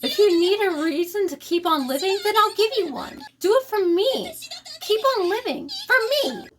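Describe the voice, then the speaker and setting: A woman's voice: very high-pitched, expressive, moderate pace, noisy background. A woman performing an emotional fan dub of a horror game, with pleading delivery. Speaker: voice-over performer.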